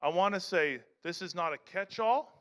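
High-voiced pastor preaching in a hall. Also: male voice, moderate pace, fairly bright tone. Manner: conversational preaching with repeated phrases and restarts. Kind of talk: sermon. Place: church sanctuary.

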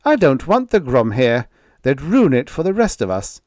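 A man voices a carefree male alien shapeshifter that takes the form of a dog, easygoing and cheerful. His medium, sing-song voice moves at a moderate pace, a little mellow and pitched above his own but close to an everyday voice. It's studio quality with no room sound.

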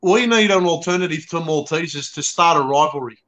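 A cheeky Australian man talks as a guest on a live chat. He banters hard and throws in "mate" all the time. His voice is a little high, with a bright, forceful edge. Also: brisk. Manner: cheeky, banter-heavy, says mate often. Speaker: guest, fellow show host. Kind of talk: casual live-stream chat.

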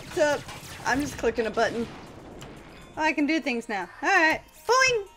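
A young woman hosting a gaming channel, giving excitable, playful, self-mocking let's-play commentary. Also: high voice, normal speed, music in the background.

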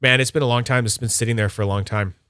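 A man's voice: fairly even intonation, racing, a bit bright, no echo. Enthusiastic rambling man on a dry mic. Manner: rambling, enthusiastic, puts on high voices for quotes. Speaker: livestream host. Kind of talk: casual livestream chat.

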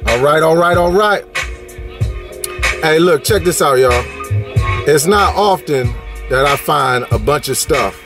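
A man's voice: on the high side, lively intonation, a little slow, long pauses, over music. A man from California hosting a casual toy-hunting vlog, with playful slang-filled banter and a sing-song delivery. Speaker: toy collecting vlogger.

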